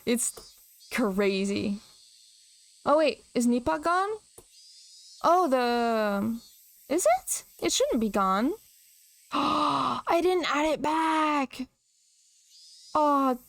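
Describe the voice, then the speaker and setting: A young woman streamer reads a visual novel aloud in a voice on the high side. She chats casually and emotionally, rambling and saying "like" a lot.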